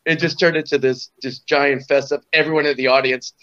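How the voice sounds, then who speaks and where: A man's voice: mid-range voice, steady tone, fairly quick, pushed and bright, highs cut off. A man in his sixties from Southern California, a guest musician telling stories in a rambling way, full of "you know" and restarts. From Orange County, California. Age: 60s. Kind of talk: casual storytelling interview.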